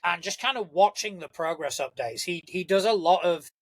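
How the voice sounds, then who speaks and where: A man's voice: high-pitched, normal speed, no room sound, low-quality recording. A young man hosting a casual solo podcast, rambling and enthusiastic, swearing freely. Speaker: podcast host.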